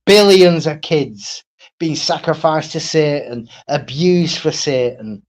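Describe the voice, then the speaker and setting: A man with a fairly high voice takes his time as he rants alone on his live stream. Blunt and profane, he repeats himself and tacks on "right?" again and again.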